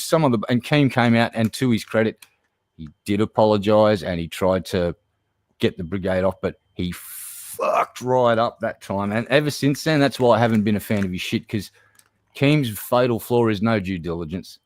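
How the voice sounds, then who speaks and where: A man's voice: medium pitch, vocal fry, darkish tone, no room sound. A man guesting on a casual online chat show, telling a story bluntly and with lots of swearing.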